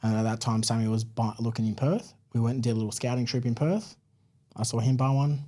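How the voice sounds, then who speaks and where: An Australian man telling his story as a podcast guest, chatty and relaxed, with plenty of "like" and "man" in his talk. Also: mid-range voice, fast talker. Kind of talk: casual interview storytelling.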